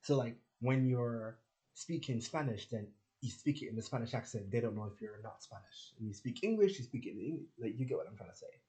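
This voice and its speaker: A man's voice: mid-range voice, animated, brisk, dark tone. A young man from Jamaica with a Jamaican accent, rambling casually and laughing as he jumps between topics. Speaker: spiritual channel host.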